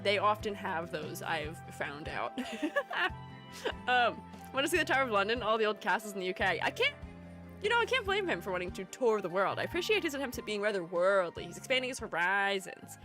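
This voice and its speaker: A woman's voice: medium pitch, sing-song, a little fast, sharp tone, soft background music. A young woman chatting casually on her live stream, rambling and playful, often breaking into giggles. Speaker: streamer and art educator.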